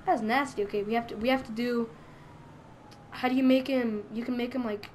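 A young woman with a high, light voice talks over her game in a let's play. She is excitable and crude, jokes nonstop and keeps bursting into giggles. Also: a little fast, a little hiss or hum. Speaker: gaming YouTuber.

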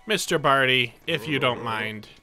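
A young man giving excitable let's play commentary, narrating his own moves with dramatic panic. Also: medium pitch, unhurried, soft background music. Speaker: gameplay commentator.

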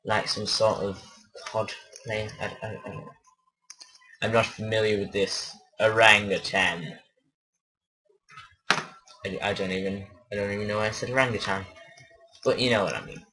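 Here a lowish-voiced man speaks in a steady tone at a moderate pace, leaving long pauses. As a let's play host, he mumbles and rambles through self-conscious gameplay commentary, unsure of himself and frequently losing his train of thought.

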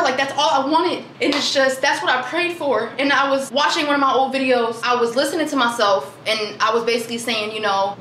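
A woman's voice: sits high, a bit bright. Chatty young woman vlogger, echoey room. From Michigan, USA. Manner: chatty, exclaiming, talks to viewers as y'all. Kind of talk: casual chat vlog. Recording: echoey room with faint background noise.

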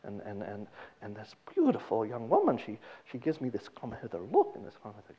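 A man's voice: fairly low pitch, wildly swooping pitch, fairly quick, mellow, slightly rough, highs cut off, pitched below the performer's own voice, full character voice. A man voicing a giddy older Polish man in confession, stammering and repeating himself.

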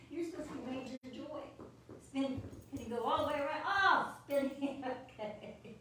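A woman giving a playful lesson for children with her dogs, animated and full of praise, laughing often. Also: high-pitched, normal speed, a little hiss or hum. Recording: very echoey room, distant mic.

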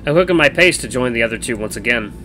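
A man streaming a game, reading the narration of a visual novel aloud in an animated way. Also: medium pitch, fast, faint music behind, rough recording. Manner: animated reading with changing voices.

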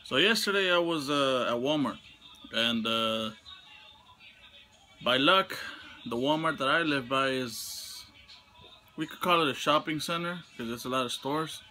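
A young man telling a storytime vlog, venting in a heated, profane way with sudden high outbursts. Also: measured pace, long pauses, pushed and bright, soft background music. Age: young adult. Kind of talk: casual storytime rant.

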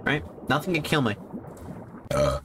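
A man giving casual, profane commentary while streaming a video game, reacting loudly when surprised. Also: medium pitch, a little slow, background noise. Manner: swearing, animated, jumps to yelps when surprised. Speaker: gaming streamer.

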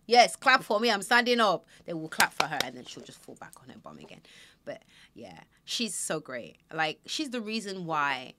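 A woman hosting a podcast, chatting casually and acting out little quoted scenes. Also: low voice. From Nigeria. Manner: chatty, animated storytelling with acted-out quotes. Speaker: podcast host. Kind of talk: casual chat.

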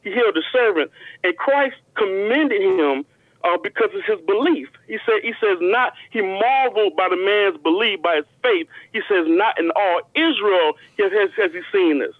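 High-voiced man preaching over a phone line. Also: expressive, no echo. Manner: reads scripture slowly with emphasis, frequent stammered restarts. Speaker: guest Bible teacher. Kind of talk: call-in radio show discussion, reading scripture.

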